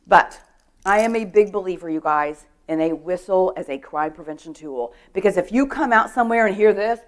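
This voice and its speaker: Lively woman telling safety stories. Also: medium pitch, normal speed. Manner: lively storytelling, acts out quotes, asks the audience questions. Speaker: guest speaker on personal safety. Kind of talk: animated talk to a women's church group.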